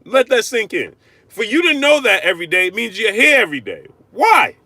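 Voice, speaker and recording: A man hosting a live-stream boxing rant, arguing hard, repeating himself and shouting out viewers. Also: high-pitched, normal speed, no room sound. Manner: animated, repetitive, argumentative, shouting out viewers. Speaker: livestream host.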